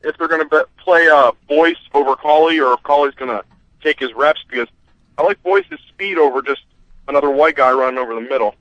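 A man's voice: a little high, sing-song, brisk, fairly bright tone, no echo. A man calling in to a sports radio show, eager and chatty as he asks about his team. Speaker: caller. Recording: dull phone line.

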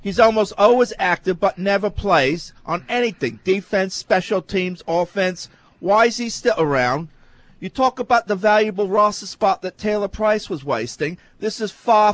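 A man with a high-pitched voice, recorded dry and close, hosts a sports talk show. He reads listener questions and pokes fun at the players and the callers in a sardonic, mocking way. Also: expressive, moderate pace, no room sound.

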